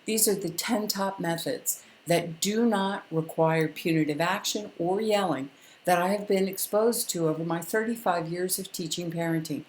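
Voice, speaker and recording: A calm older woman teaches parents in a firm, instructive way, spacing her points with deliberate pauses. Her voice sits a little low, and the room around her sounds echoey. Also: slight background noise. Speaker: parenting educator. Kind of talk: direct-to-camera parenting lesson.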